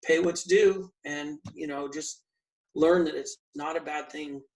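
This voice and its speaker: A man's voice: fairly high pitch, steady tone, a little slow, far from the mic, rough recording. A man talking casually as an interview guest, giving earnest advice with frequent restarts. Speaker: guest, firefighter and real estate investor.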